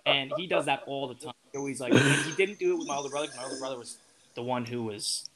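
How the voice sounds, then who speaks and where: A man's voice: medium pitch, fast, a bit bright. A young man as an interview guest, talking in a casual, rambling way with lots of fillers and restarts. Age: young adult.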